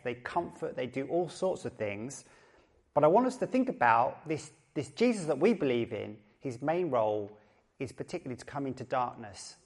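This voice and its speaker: A middle-aged man with an Essex twang gives a relaxed, conversational sermon at a church service. He jokes with his listeners and doubles back on his own phrases. His pitch sits in an ordinary middle range for a man. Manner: chatty, joking, repeats phrases. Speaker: pastor.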